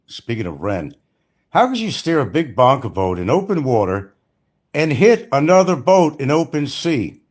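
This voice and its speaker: In a mid-range, slightly mellow voice with a sing-song quality, this older retired livestream host chats at a normal speed. The talk is casual and rambling, full of blunt profanity, mockery of others, and frequent laughter.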